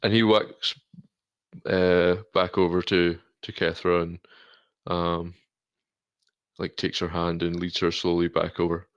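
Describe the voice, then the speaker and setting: A man plays a tabletop game, talking through his character's moves in a relaxed, halting way. His voice is very low and even, smooth in tone, and it comes through a dull, lo-fi mic. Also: no echo. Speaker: player.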